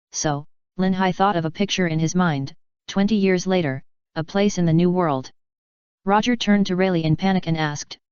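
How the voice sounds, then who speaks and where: Woman audiobook narrator, plain reading, low voice, dry muffled audio. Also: clear, resonant tone, dry recording.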